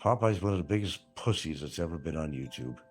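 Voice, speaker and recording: A man's voice: rumbling low, expressive, quick pace, soft background music. A man hosting a livestream, reading chat comments aloud and mocking people in a rambling, crude way. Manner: crude, mocking, laughs at his own jokes.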